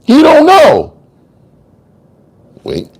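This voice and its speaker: A man's voice: a little high, huge pitch swings, unhurried, full character voice. A man voicing a street-smart male trial lawyer who argues in slangy, sing-song courtroom oratory. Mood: arguing. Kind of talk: dramatic audiobook reading.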